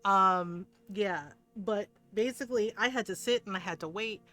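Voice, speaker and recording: A woman's voice: mid-range voice, moderate pace, sharp tone. A woman streamer chatting casually while she plays, rambling and earnest, with laughs between phrases. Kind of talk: casual chat while gaming.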